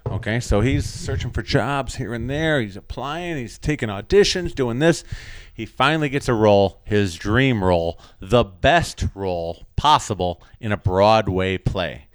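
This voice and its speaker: A man telling a long joke on a casual podcast, jumping into high voices for the characters. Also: a little slow, clean tone, no echo, clean studio sound. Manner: animated storytelling, jumps into high voices for the characters. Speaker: podcast co-host.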